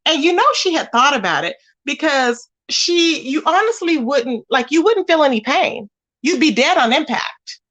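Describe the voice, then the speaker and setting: Young woman streamer, sassy and animated, high bright voice, swings up and down a lot. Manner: sassy, animated, quick to laugh. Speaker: livestream host reading chat. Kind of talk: casual livestream chat.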